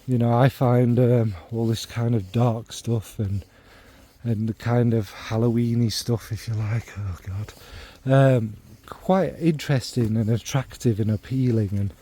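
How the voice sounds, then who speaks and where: This is a middle-aged man who talks casually and wanders off on asides. He makes fun of himself often and fills his pauses with ums. His voice is warm and mellow and sits at an ordinary pitch. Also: fairly even intonation. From North Midlands of England. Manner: rambling, self-deprecating, full of ums and asides. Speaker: fragrance vlogger. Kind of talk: casual spoken monologue.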